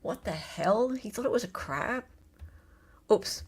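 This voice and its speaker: A woman's voice: mid-range voice, expressive, slow pace, husky. An Australian woman hosting a casual live-stream trivia quiz, playful and chatty as she reads out multiple-choice answers.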